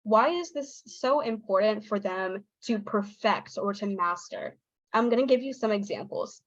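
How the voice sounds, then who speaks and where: A woman presenting a pronunciation lesson online, explaining sounds clearly and acting out her students' replies. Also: mid-range voice, a little slow, dry recording, lo-fi sound. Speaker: teacher trainer. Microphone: video call.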